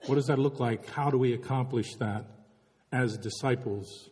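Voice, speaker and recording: Pastor guy preaching, mid-pitched voice, lots of rhetorical questions, long hall echo. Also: normal speed, a little mellow. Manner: reflective, asks many rhetorical questions. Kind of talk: sermon.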